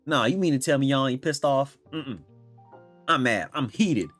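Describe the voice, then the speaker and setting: A man's voice: medium pitch, expressive, moderate pace, a bit bright, soft background music. A young man ranting heatedly about games, swearing and talking in slang. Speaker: gaming commentator. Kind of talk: angry reaction rant.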